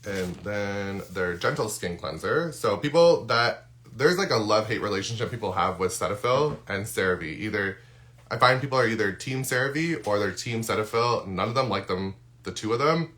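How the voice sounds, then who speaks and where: A man's voice: on the low side, lively intonation, moderate pace, fairly bright tone. A man who is losing his voice, chatting casually through a live unboxing with lots of ums and restarts. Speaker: skincare content creator. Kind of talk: live-stream unboxing chat.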